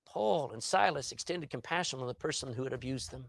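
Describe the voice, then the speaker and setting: Male preacher, lively pitch, rhetorical, dry close recording. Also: a little fast, gravelly, no echo. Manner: animated, rhetorical questions, swings between loud and soft. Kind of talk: sermon.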